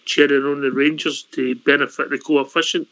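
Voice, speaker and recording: A man with a Scottish accent hosting a call-in radio show, speaking in a measured, diplomatic way. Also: a little high, level tone, a bit bright, lo-fi sound. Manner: measured, diplomatic, calls people mate. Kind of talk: casual chat.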